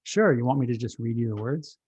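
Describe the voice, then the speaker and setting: A man voicing a worried parent who instructs a child about studying, with a slightly husky voice. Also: mid-range voice, fairly quick, darkish tone, no echo, natural voice. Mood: gentle. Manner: edgy then firm, instructing. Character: worried parent helping with homework.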